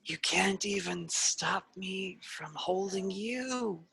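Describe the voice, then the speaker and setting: Woman doing a demon woman, taunting, slow, menacing, gravelly. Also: mid-range voice, fairly bright tone, no echo, pitched above the performer's own voice, full character voice. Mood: cold.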